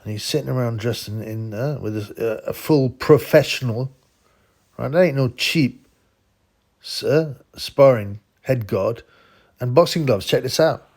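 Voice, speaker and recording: A man's voice: medium pitch, unhurried, darkish tone. A man hosting a boxing channel, rambling through a casual commentary vlog, laughing often and sliding into a conspiratorial rant.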